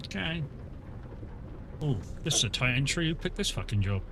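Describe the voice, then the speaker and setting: Chatty male streamer over engine rumble. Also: moderate pace. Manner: chatty, rambling, laughs often. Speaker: streamer playing a truck game. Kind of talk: casual live-stream chat. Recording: steady truck rumble behind voice.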